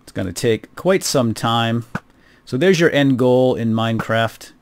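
A middle-aged gaming video host speaks at a measured pace in a mid-range voice, with a little hiss or hum. While he plays, he offers casual, wry commentary and chats with viewers.

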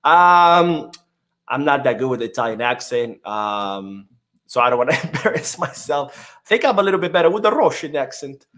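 A man's voice: mid-range voice, big pitch swings, moderate pace, a bit bright. A man hosting a casual live-stream podcast, reading chat comments in a loose, chatty way with many fillers.

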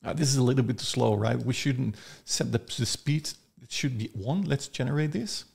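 Chatty man, gravelly. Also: medium pitch, moderate pace, darkish tone. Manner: chatty, loose, thinking aloud. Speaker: software reviewer. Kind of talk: casual screen-recorded tutorial.

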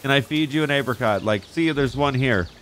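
A man giving excitable, profane, joking gameplay commentary, talking back at characters on screen. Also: mid-range voice, a little fast, a little hiss or hum. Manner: excitable, profane, jokey, talks to game characters. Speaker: gaming YouTuber.

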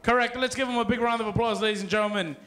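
A man's voice: very high-pitched, steady tone, racing, a bit bright, slight background noise. A man working as a children's party magician, playfully joking with the kids and calling out to the crowd in a party hall. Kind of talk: live party magic show patter. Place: party hall with dance floor.

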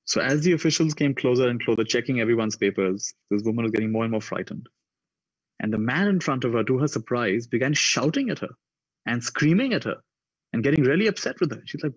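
A man speaking at a conference, telling reflective stories and raising his pitch to act out the people in them. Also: brisk, no room sound, lo-fi sound. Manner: acts out the voices in his stories with raised pitch. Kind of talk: reflective storytelling talk.

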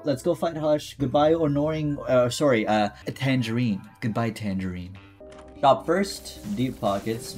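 A gaming YouTuber with a medium-pitched, slightly mellow voice gives casual, jokey commentary over his gameplay. He reads item descriptions aloud and talks back to the game's character.

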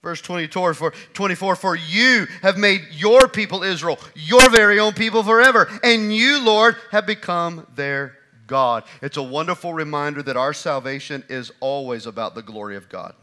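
A man preaching a sermon as pastor in a church, moving from loud emphatic lines to quiet, hushed ones. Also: fairly high pitch, moderate pace, few pauses. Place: church sanctuary.

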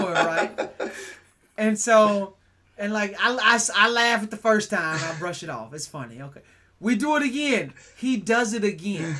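A man hosting a podcast, telling a story in a casual, animated way and tagging "right?" onto his lines. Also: sits high, measured pace, a little hiss or hum. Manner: animated, acts out quotes, keeps adding "right?". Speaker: podcast host.

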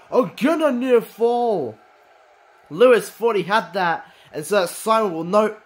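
A man giving excited play-by-play commentary on a wrestling match, swinging from calm description to shouting. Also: high-pitched.

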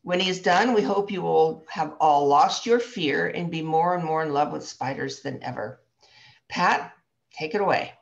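A woman hosting an online event, giving a friendly, slightly halting welcome and introducing the speaker. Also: low voice, vocal fry. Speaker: event host. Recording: dull lo-fi call audio.

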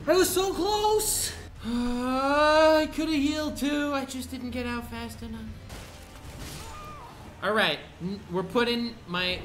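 A man's voice: sits high, a bit bright. A young man commenting on his own gameplay, taunting the boss and venting to his chat between frustrated outbursts. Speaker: gaming video creator.

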